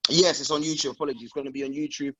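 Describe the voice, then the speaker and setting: A young man chatting as a guest on a video call, excitable, swearing and laughing often. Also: on the high side, racing, slightly rough, no echo, poor audio. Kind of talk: casual video call chat.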